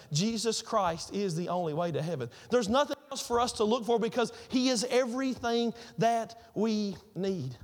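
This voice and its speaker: A man with a high voice preaching a sermon as pastor. He tells everyday stories and repeats key phrases for emphasis. His voice rings with the long reverb of a large hall.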